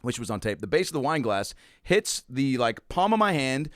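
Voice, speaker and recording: A man's voice: medium pitch, sing-song, moderate pace, dry recording, clean studio sound. A man telling a stand-up comedy story in casual chat, acting out the quotes with big jumps in his voice. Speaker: comedian guest.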